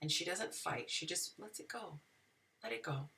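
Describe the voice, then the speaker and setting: A woman's voice: on the low side, lively intonation, normal speed, vocal fry, bright, forceful tone, recorded from a distance, a little hiss or hum. A woman hosting a live dating advice talk, speaking to viewers in an emotional, preachy, spiritual way.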